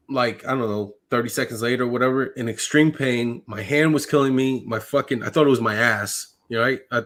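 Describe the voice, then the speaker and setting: A man's voice: medium pitch, fairly bright tone. A man, a military veteran, telling a long personal story in casual conversation, with frequent swearing and fillers. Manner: swears often, fills with uh and like. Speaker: podcast guest, army medic veteran.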